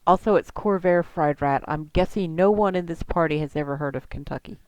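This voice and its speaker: A woman's voice: low-pitched, a little fast, background noise. A woman narrating a tabletop game as game master, descriptive and chatty, laughing easily.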